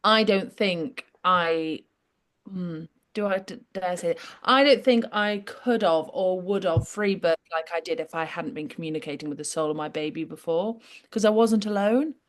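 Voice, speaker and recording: A mother shares her own birth experience in a relaxed group chat. She speaks softly and confidingly, often stopping and restarting. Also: fairly low pitch, normal speed. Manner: hesitant, restarts, soft and confiding. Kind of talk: casual group discussion.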